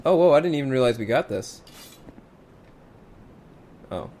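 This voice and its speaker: A man's voice: mid-range voice, big pitch swings, normal speed, a little mellow. A man co-hosting a gaming show, answering in short, dry, wry quips. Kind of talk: casual chat while playing a game. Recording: game music behind the voice.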